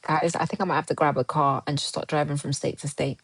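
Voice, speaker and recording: A woman's voice: low-pitched, fairly even intonation, fast talker, breathy edge, no echo, rough recording. A woman chatting casually on a livestream, rambling and restarting her sentences as she answers viewer comments.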